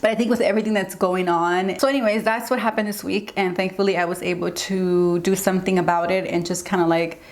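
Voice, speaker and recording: A woman's voice: lowish voice, steady tone, fast talker, few pauses. A young woman talking candidly to her viewers in a get-ready-with-me beauty vlog, earnest and open, rambling with lots of "like"s. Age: young adult. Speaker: beauty vlogger.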